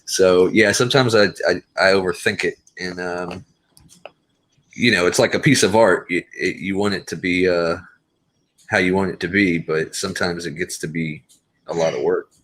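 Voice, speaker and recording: A man chatting casually as a guest, talking things through in a thoughtful, hesitant way with many pauses and fillers. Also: low-pitched, steady tone, fairly bright tone. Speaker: guest on an online hangout. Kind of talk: casual chat.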